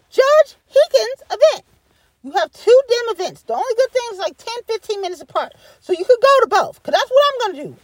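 A woman's voice: very high voice, dry recording. A woman delivering a blunt, profane ranting monologue, repeating herself for emphasis.

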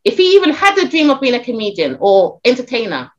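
A middle-aged woman, a talent agent and podcast guest, chatting casually in an animated storytelling way with many restarts and fillers. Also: a little high, quick pace, dull audio.

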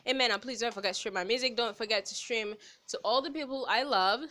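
A woman's voice: a little high, brisk, pushed and bright. Sassy young Nigerian woman podcaster. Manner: sassy, exasperated, filler-heavy. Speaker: podcast host. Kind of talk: casual solo podcast storytelling.

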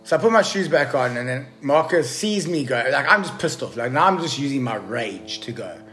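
Faint music sits behind a man's brisk, medium-pitched voice as he casually spins a story for a podcast host. The guest swears freely, gets excitable, and keeps calling the host bro.

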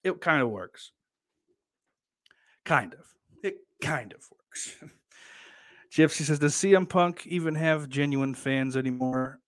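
A young man with a higher voice streams live close to a desk mic, reading chat messages aloud and rambling bluntly about wrestling. He talks slowly with long pauses, swears a lot, restarts, and laughs, and there's no room sound.

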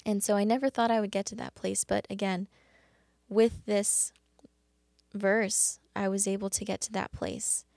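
A woman hosting a faith devotional talk, speaking earnestly and haltingly with many restarts. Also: mid-range voice, flat delivery, gravelly, a little mellow, no echo, clean studio sound. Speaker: podcast host.

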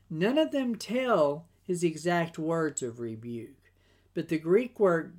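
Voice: medium pitch, a little mellow. A Bible study teacher giving a scripted devotional lesson in an earnest, emphatic way, with a few restarts.

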